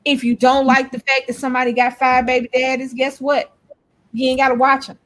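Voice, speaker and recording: A woman with a high voice talks in a relaxed, casual way. She tells stories and drives her points home with emphasis, speaking straight to her listeners. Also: brisk. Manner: storytelling, emphatic, lectures trolls. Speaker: co-host. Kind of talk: casual chat.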